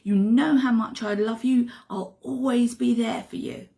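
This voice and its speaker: A woman's voice: on the high side, steady tone, a little slow, vocal fry, warm tone, voice pushed up. Woman voicing Peter, a protesting fisherman. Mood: earnest. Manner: protesting, insistent denials. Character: impulsive male fisherman disciple Peter.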